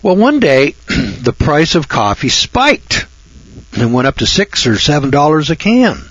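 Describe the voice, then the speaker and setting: Husky guy, folksy sarcastic radio rant, dull lo-fi sound, dry. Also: on the high side, very animated, measured pace, fairly bright tone, dry recording. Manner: sarcastic, folksy, repeats and restarts. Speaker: radio talk host. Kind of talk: rambling monologue rant.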